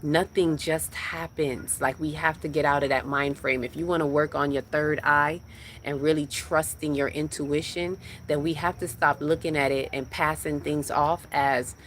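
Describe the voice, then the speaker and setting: Low-voiced woman preaching spiritual teachings. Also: fairly even intonation, moderate pace, a little hiss or hum. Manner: rhythmic, repetitive preaching cadence. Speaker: spiritual livestream host.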